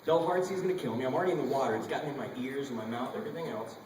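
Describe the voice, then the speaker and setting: A man telling a wild story on a convention panel, animated and profane. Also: medium pitch, racing. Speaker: panel guest actor. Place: large convention hall. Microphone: audience camera far from stage. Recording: echoey hall recorded from far off with noise.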